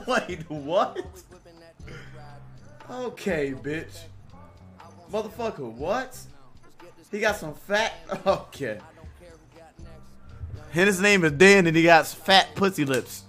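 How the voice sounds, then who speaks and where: A young man streaming a game from his home setup, swearing often, joking with chat and breaking into loud laughter and outbursts. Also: on the high side. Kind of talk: casual live-stream commentary.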